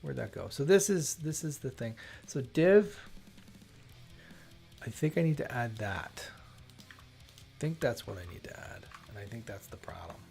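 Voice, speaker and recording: A man talks through his coding on a livestream, chatty and self-interrupting, and he exclaims when things work. His pitch swings widely. Faint music plays in the background. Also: sing-song, measured pace, creaky, long pauses, darkish tone. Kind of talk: thinking aloud while coding.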